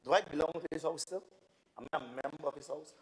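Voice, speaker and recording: A man's voice: a little high, fast. Indignant Tobagonian assemblyman in echoing chamber. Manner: indignant, emphatic, repetitive. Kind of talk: parliamentary debate.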